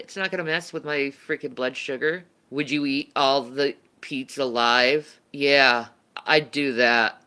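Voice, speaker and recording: A woman's voice: extremely low pitch, measured pace, bright, forceful tone. A woman livestreamer chatting casually and answering viewer questions, rambling and laughing, often restarting her sentences.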